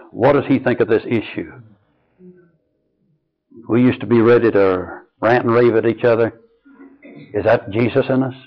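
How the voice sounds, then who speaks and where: In a dull, lo-fi recording, an older man delivers a sermon woven with personal stories. He speaks slowly and earnestly, letting his voice fall soft and low on the key lines.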